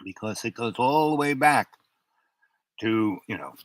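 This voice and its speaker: An older man hosting his own talk show, talking in a rambling, halting way with many fillers. His voice sounds unusual because of an old throat injury. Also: medium pitch, animated, no room sound, low-quality recording. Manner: halting, many fillers and restarts, stutters under strain. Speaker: show host. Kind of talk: rambling monologue.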